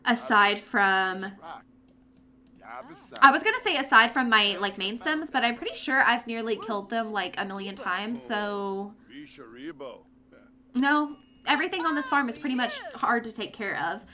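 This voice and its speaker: Bright, high-voiced young woman gaming. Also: animated, moderate pace, long pauses. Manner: chatty, talks fondly to her game characters. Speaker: let's play host. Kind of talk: casual gameplay commentary.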